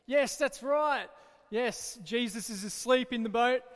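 A man leading a children's Bible talk in church, lively and encouraging as he tells the stories. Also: very high voice, a little slow, big-room sound.

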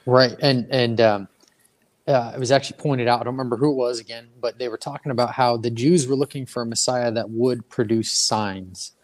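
A man's voice: medium pitch, steady tone, a little fast. A man in his own plain voice co-hosts a faith podcast. He talks casually and stretches key words out for emphasis. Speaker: podcast co-host.

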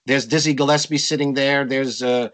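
An older man telling stories from his music career in an interview, animated and acting out quotes in a raised voice. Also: mid-range voice, moderate pace, low-quality recording. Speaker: interview guest, jazz musician. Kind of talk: storytelling in a conversation.

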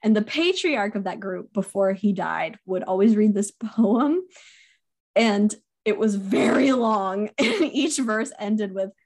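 A woman's voice: medium pitch, lively intonation, slow, darkish tone. A young woman co-hosting a podcast, chatting casually about a book and laughing often. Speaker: podcast co-host. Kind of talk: casual book-club chat.

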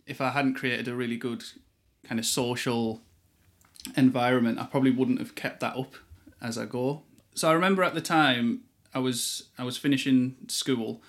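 A man, a guest on a studio podcast, talking in a relaxed, rambling way with restarts. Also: medium pitch. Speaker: guest, yoga teacher. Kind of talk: casual interview chat.

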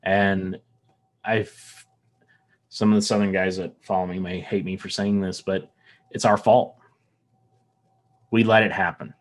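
A man's voice: sits low, little pitch movement, measured pace, long pauses. A man from the American South, without a Southern accent, talking earnestly in a casual podcast conversation, often restarting and repeating words. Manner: earnest, rambling, with frequent restarts and repetitions.

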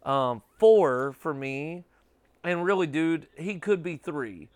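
Podcast host, male, thirties, smooth voice, dry close sound, loose rambling delivery. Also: fairly high pitch, expressive, slow, a little mellow, dry recording. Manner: rambling, swears casually, lots of "dude" and "like". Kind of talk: casual chat.

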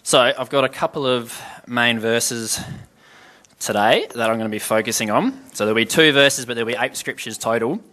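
A man's voice: mid-range voice, moderate pace, bright, forceful tone. A man giving an informal Bible teaching, reading scripture passages aloud and then explaining them in an easygoing, conversational way, with questions to his listeners.

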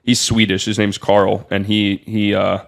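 A man's voice: lowish voice, unhurried, vocal fry. A young man, a podcast guest, telling casual stories full of "like" and swearing. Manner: loose and animated, heavy on "like" fillers and swearing. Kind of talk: casual storytelling.

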